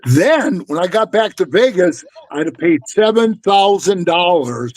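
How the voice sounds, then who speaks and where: A middle-aged man tells stories in a loose, blunt way, swearing freely and calling his listener "bro". His voice sits high for a man. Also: very animated, unhurried, low-quality recording. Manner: blunt, profane, keeps saying "bro". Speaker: former motorcycle club member telling stories. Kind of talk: casual storytelling chat.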